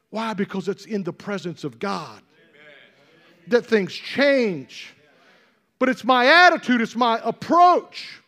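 A male pastor preaching a sermon with emphatic, repetitive phrasing that rises toward shouting. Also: high-pitched, lively intonation, slow.

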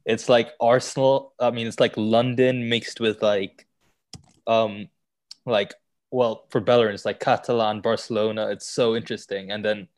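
A man co-hosts a casual podcast over a video call. His voice is fairly low, and his delivery is relaxed and joking, full of laid-back slang. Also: normal speed. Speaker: podcast co-host.

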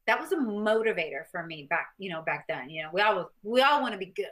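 A woman guest on an interview show, telling her own stories in an animated, self-mocking way. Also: mid-range voice, fast talker. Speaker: guest, former boxing champion. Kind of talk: casual interview storytelling.

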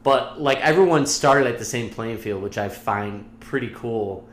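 A man's voice: mid-range voice, measured pace. Rambling, swearing guy in an echoey room. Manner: rambling, swears freely, laughs a lot. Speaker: podcast co-host. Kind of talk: casual chat. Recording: echoey room with faint hum.

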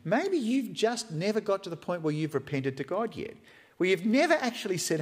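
A man preaches a sermon in a church hall, in a conversational, joking way that keeps slipping into acted-out quotes. His voice sits a touch high and swings widely in pitch. A long hall reverb trails every phrase. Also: very animated, moderate pace. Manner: conversational and humorous, acting out quotes. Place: church hall with live stream.

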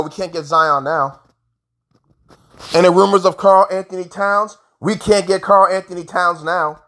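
This is a casual rant from a male sports fan vlogger who sounds frustrated. He bounces between booming outbursts and mumbled complaints.

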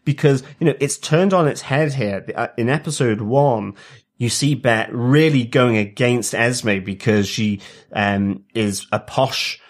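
A man's voice: mid-range voice, a little slow. A man co-hosting a TV review podcast, talking casually and hesitantly, with many fillers and restarts. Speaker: podcast co-host.

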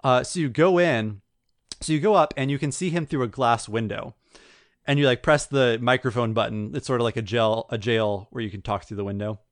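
A man co-hosting a podcast, chatting casually and retelling a story with lively acted-out quotes. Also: medium pitch, fairly quick, no room sound, clean studio sound. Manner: animated storyteller, acts out quotes. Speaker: podcast co-host. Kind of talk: casual chat.

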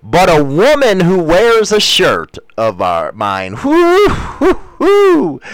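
A man's voice: a little high, a bit bright, no room sound. A man hosting a casual livestream, rambling through crude, profane jokes while reading from the chat.

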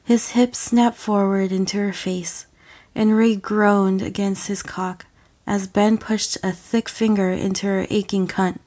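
Slow, deliberate woman narrator. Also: medium pitch, level tone, darkish tone. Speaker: audiofic reader. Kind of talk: scripted audiobook narration.

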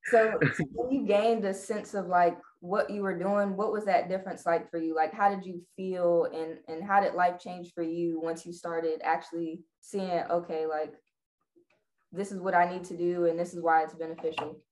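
A woman interviewing a guest, asking gentle questions and making soft back-channel murmurs. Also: lowish voice, flat delivery, moderate pace, poor audio.

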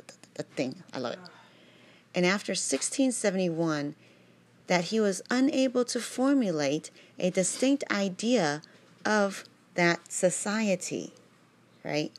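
A woman's voice: medium pitch, lively intonation, slow. A woman reading a religious text aloud at home, breaking off into chatty, digressive asides and asking "right?" again and again.

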